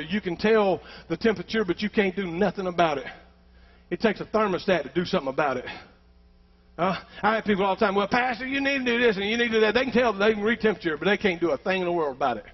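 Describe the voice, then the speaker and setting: A man's voice: sits high, muffled recording. A pastor, preaching a fervent sermon and calling out to his congregation.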